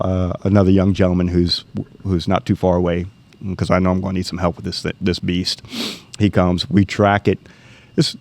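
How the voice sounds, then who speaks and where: A middle-aged man, casually telling a hunting story and acting out the dialogue. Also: low-pitched. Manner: animated storyteller, acts out quoted dialogue.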